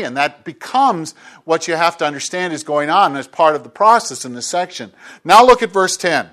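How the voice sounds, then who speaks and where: A man's voice: a little high, expressive, normal speed, fairly bright tone. A man preaching a sermon as a pastor, talking conversationally and acting out little bits of dialogue.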